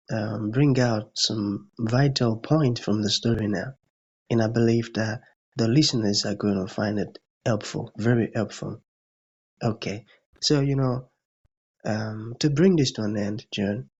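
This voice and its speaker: A man hosting an interview, who affirms his guest and asks measured questions. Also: on the low side, a little mellow, slightly rough. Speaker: host. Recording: muffled lo-fi audio.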